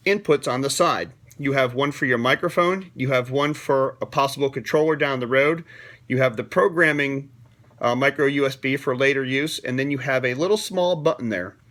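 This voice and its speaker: A man's voice: mid-range voice, fairly bright tone. A man giving a casual, opinionated product demo from his closed office, often checking in with the viewer. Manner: chatty and opinionated, keeps checking in with "okay?". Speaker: siren dealer reviewing a product.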